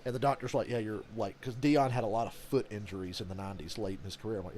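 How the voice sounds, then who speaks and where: A man's voice: lowish voice, quick pace, few pauses. A man hosting a live game reaction stream, chatting casually and profanely about football, acting out quotes and laughing often. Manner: animated storyteller, acts out quotes and laughs a lot. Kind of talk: casual profane sports chat.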